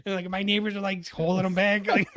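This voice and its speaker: A young man co-hosting a podcast, telling a story in a casual, animated way, swearing often and laughing as he goes. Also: sits high, a little fast. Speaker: podcast co-host.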